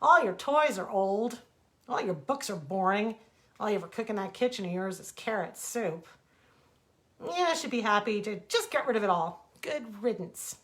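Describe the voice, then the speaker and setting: A woman's voice: medium pitch, lively intonation, normal speed, lightly acted. A woman voicing a mean, grumpy male creature who speaks snappishly in a bedtime storybook reading. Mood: scornful. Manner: snappish, scornful.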